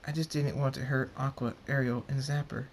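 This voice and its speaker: A man voicing a shy, gentle female pegasus pony, speaking softly and timidly in a raised voice. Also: medium pitch, flat delivery, fairly quick, a little hiss or hum, voice pushed up, natural voice. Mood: tender. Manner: soft and timid, breaking into cries.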